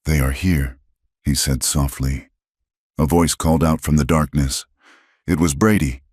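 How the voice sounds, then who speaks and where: A man narrating a western story in a grave, measured scripted telling. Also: a bass voice, steady tone, darkish tone, husky, dry recording, clean studio sound.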